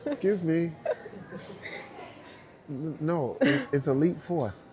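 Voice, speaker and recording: Animated Brooklyn man telling a story. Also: a little high, slow pace. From Brooklyn, New York. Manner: acts out both sides of dialogue, laughing often. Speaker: dancer telling his story as guest.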